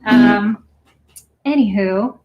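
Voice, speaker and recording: A woman's voice: mid-range voice, drawn-out words, highs cut off. A woman hosting her own music livestream, chatting casually and laughing between songs in a rented house with friends. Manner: chatty, laughs easily, rambling asides. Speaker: singer-songwriter livestream host.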